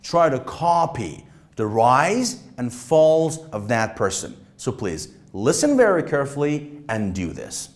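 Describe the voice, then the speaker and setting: A male test-prep teacher explains in a slow, unhurried way. His pitch swings widely as he demonstrates rising and falling intonation. His delivery is emphatic and deliberate. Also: sing-song. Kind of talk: instructional lesson.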